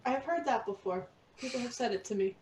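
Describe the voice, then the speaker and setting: A playful woman with a fairly high voice, playing a character in a tabletop game. She is heard from a little away from the mic, with a faint hum of background noise. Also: brisk, a little mellow, far from the mic. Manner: playful, giggly. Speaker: player.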